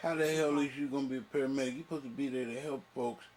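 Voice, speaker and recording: A man hosting a reaction video, ranting in profane, animated casual commentary. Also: mid-range voice, racing.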